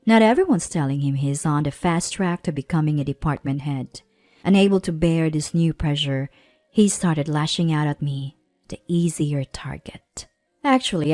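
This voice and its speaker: A woman in her thirties narrating a personal story in a measured, plaintive way. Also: sits low, dark tone, no echo. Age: 30s.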